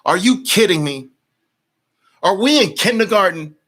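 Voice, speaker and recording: A man's voice: high voice, animated, measured pace, fairly bright tone. A man coaching traders in a live-streamed lesson, blunt and emphatic, repeating words for force and answering viewer comments. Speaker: trading coach.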